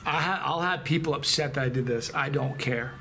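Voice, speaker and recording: A man hosting a chili pepper channel, talking casually to camera in a rambling, halting, emotional way with many restarts. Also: medium pitch, bright, forceful tone, a little hiss or hum. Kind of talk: casual vlog talk to camera.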